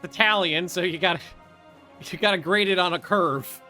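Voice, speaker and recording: A man giving casual, chatty commentary on his strategy game, thinking aloud and getting easily excited. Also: high-pitched, moderate pace, soft background music. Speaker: video game streamer. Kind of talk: casual let's-play commentary.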